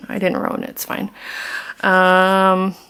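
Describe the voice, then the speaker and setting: A woman's voice: mid-range voice, monotone, takes it slowly, a bit bright, smooth. A woman chatting casually as she works through a craft tutorial, rambling with self-deprecating asides, recorded on a camera's built-in mic. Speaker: craft vlogger.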